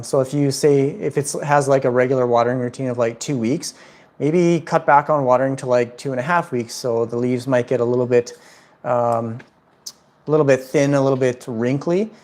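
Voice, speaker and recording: Answering houseplant questions on a laid-back livestream from his home, a man rambles cheerfully, leaning on plenty of "um" and "like." His voice sits at an ordinary middle pitch with a darkish tone.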